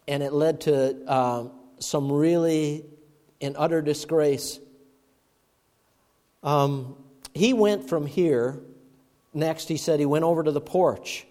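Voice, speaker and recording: Male preacher, a bit high-voiced, booming then hushed, in a reverberant church. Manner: swings from loud emphatic bursts to hushed murmurs. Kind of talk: sermon. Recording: long reverb of a large hall.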